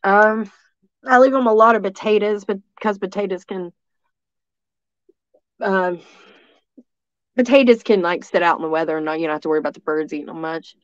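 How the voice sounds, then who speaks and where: A woman's voice: medium pitch, normal speed, pauses often, clean tone, dry recording, dull audio. A woman from East Tennessee, telling a story as a guest in a rambling way, full of restarts and fillers. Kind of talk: casual storytelling.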